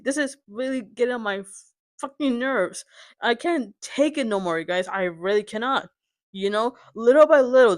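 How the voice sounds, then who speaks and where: A young woman vlogger rants in frustration about sports, swearing and asking over and over if you understand. Her voice is mid-range and the recording is dry.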